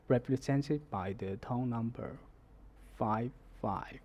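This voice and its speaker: Man, Mandarin teacher, scripted lesson, slow deliberate delivery, warm low timbre. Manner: measured, deliberate explaining.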